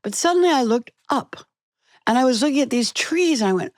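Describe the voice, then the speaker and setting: An older woman, an actress being interviewed, telling stories in an animated way and acting out the voices she quotes. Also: sits high, brisk, no echo, studio quality. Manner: animated storytelling, acts out quotes. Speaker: guest, actress. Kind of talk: conversational interview.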